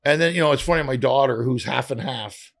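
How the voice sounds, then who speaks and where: Gravelly Canadian-born comedian telling stories. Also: male voice, medium pitch, a little fast. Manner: animated, acts out dialogue with swearing. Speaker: comedian guest. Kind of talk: casual storytelling interview.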